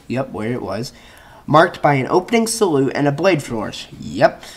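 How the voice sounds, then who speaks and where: A man reads a reference page aloud at a slow, unhurried pace, often tripping over words and starting them again. He drops short, offhand comments between passages. His voice sits at an ordinary middle pitch. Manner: halting reading with frequent restarts and self-corrections. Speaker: channel host.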